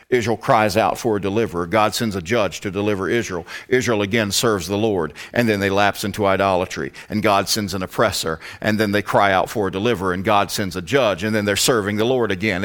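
A man's voice: lowish voice, a bit bright. A man teaching a Bible study, emphatic and prone to rhetorical questions.

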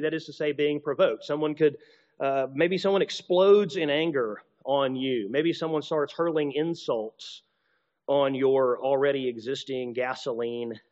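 Male speaker, slightly high voice, conversational teaching tone, long hall reverb, muffled lo-fi recording. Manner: conversational, acts out little dialogues, many restarts. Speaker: preacher or teacher. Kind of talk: teaching talk to a group.

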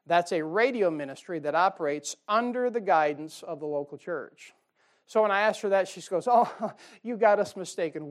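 A middle-aged man preaching a sermon as pastor, in a folksy, conversational way with chuckles and asides. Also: fairly high pitch.

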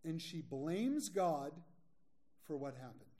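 A man preaching a sermon as pastor, candid and joking, and slowing down to stress his key points. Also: on the high side, sing-song, warm tone. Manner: candid, joking, slows for emphasis. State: a little sleepy.

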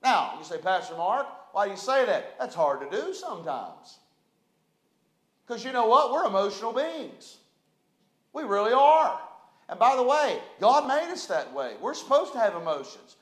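A pastor preaches to his congregation, moving from quiet, steady talk to sudden loud swells. He is a man with a very high voice. The sound rings around an echoey church room. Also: moderate pace. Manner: preaching with call-and-response, dramatic swells. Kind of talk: sermon. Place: church sanctuary.

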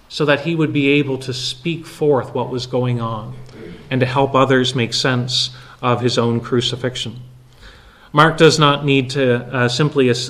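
A pastor preaching an expository sermon, measured and emphatic, pausing often with filler sounds as he explains each detail. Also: medium pitch, a bit bright.

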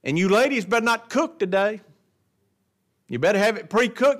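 A man teaches an adult Bible class with a high, light voice. He talks in a folksy, plain way and keeps putting questions to the room. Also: animated, normal speed, a bit bright. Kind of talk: Bible lesson. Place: church classroom.

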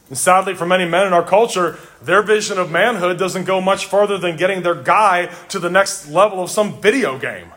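A man's voice: high voice, fairly bright tone. A middle-aged man preaching a sermon to a church congregation, earnest and emphatic, often repeating his phrases for weight. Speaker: pastor.

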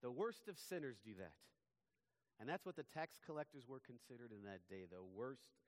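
A pastor preaching a sermon, rising to loud emphatic peaks and dropping to quiet, low asides. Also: male voice, animated, moderate pace.

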